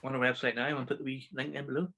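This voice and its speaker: Bright-voiced Northern Irish man swearing casually. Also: mid-range voice, racing. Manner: swears casually, animated retelling. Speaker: podcast co-host. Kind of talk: casual chat.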